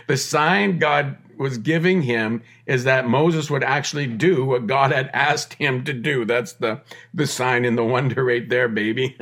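A middle-aged man delivers a podcast sermon in an ordinary mid-range voice. He presses his points with repeated phrases and restarts, then slips into relaxed, joking asides. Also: medium pitch, measured pace. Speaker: podcast preacher.

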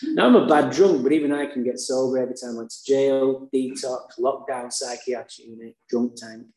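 Man, mellow-voiced, blunt and profane storyteller with dark humor, echoey room. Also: medium pitch, normal speed. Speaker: speaker sharing his recovery story. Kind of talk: candid personal storytelling. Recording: roomy echo.

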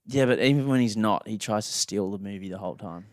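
With a voice on the low side and a quick pace, an Australian podcast co-host trades banter, stories, and blunt opinions, swearing freely. He mimics people in his anecdotes, and the recording is dry with clean studio sound.

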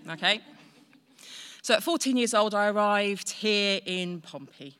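Bright-voiced woman telling her story. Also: medium pitch, measured pace, smooth. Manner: chatty, self-deprecating, lively asides. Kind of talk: personal storytelling on stage. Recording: long hall reverb.

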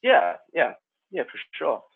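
A New Zealand man with a Kiwi accent, an actor chatting as a guest in a relaxed, rambling way. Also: on the high side, takes it slowly, vocal fry, slightly rough. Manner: laid-back, rambling, says "man" and "like" a lot. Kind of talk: casual chat. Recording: tinny phone-like line.

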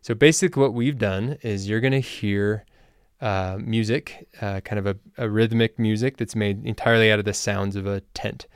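A man hosting a language-learning podcast, explaining things in a relaxed, casual way with loose fillers. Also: fairly low pitch, normal speed, clean tone, no room sound, clean studio sound. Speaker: language teacher and podcast host. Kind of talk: casual spoken lesson.

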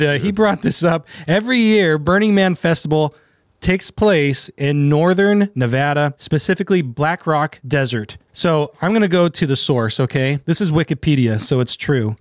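A man with a slightly high voice, recorded with no room sound, hosts a legal talk show from a studio microphone. He's an attorney and podcast host chatting casually and sarcastically, laughing at his own story.

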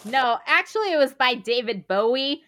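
A woman's voice: high-pitched, animated, moderate pace, a bit bright. A woman co-hosting a casual podcast over an online call, speaking hesitantly with fillers and laughing often. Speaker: podcast co-host. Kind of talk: casual chat.

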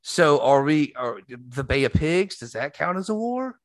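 A man's voice: a little high, very animated, measured pace, no echo. A man hosting a podcast, telling a rambling story in casual chat. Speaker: podcast host.

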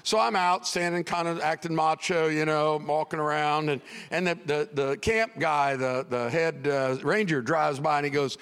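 A middle-aged male pastor telling a comic story in a sermon, animated and prone to sudden shouts. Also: on the high side, moderate pace, few pauses, clean tone, in a large hall.

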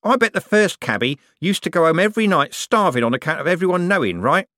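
A scruffy, sly little corporal in an audiobook, whiny and cheeky, pitched well up with a bouncy lilt, as a male narrator puts him on. Close, dry sound. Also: very animated, fast talker, fairly bright tone, dry recording.

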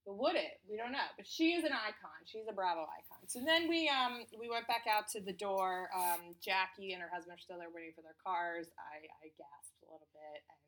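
A woman's voice: mid-range voice, brisk, few pauses, fairly bright tone, low-quality recording. A woman hosting a podcast in casual chat, talking in a chatty way with many ums and uhs. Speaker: podcast host.

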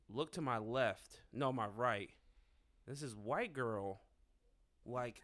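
A young adult man, a podcast co-host, telling a story in casual, animated, profane chat. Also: medium pitch.

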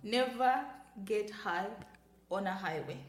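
A woman's voice: mid-range voice, takes it slowly, echoey room, crowd noise. A woman co-hosting a podcast, chatting casually about an experience, giggly and full of "like". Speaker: podcast co-host. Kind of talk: casual storytelling chat.

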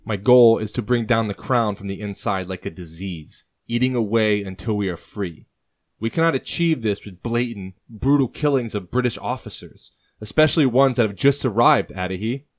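A man's voice: fairly low pitch, moderate pace, pitched above the performer's own voice, lightly acted. A man playing a stern older rebel uncle. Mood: stern passionate. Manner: stern, lecturing, rising to passionate outbursts.

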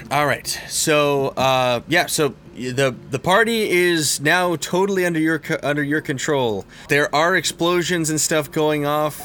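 A man's voice: fairly high pitch, a little slow, fairly bright tone. A man narrating a tabletop role-playing game as game master, rambling with many fillers and restarts.

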